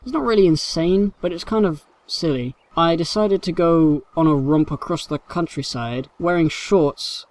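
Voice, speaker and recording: A man's voice: fairly high pitch, moderate pace, hardly any pauses. A young man from England with a London accent, casually rambling through viewer questions in a Q&A vlog. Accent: London English. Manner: rambling, self-deprecating, reads questions aloud. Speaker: YouTuber answering viewer questions.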